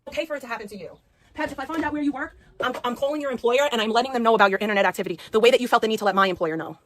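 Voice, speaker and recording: A woman's voice: on the high side, racing, dry recording. A woman livestreaming an angry rant, profane and repeating herself.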